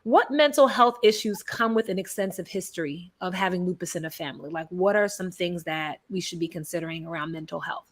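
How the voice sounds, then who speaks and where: A woman's voice: fairly low pitch, fairly quick, few pauses. A woman hosting a casual panel discussion, friendly and chatty. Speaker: host.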